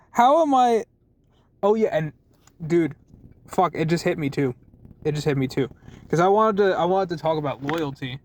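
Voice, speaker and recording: A young man vlogging casually from his car, rambling and swearing a lot, saying "dude" and "man" often. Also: a little high.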